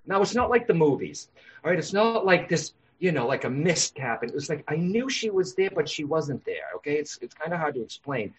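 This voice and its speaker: A man, a psychic medium guest on a podcast interview, telling lively stories and explaining his work. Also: a little high, a little fast, slightly rough. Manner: animated, acts out voices in anecdotes. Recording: dull lo-fi sound.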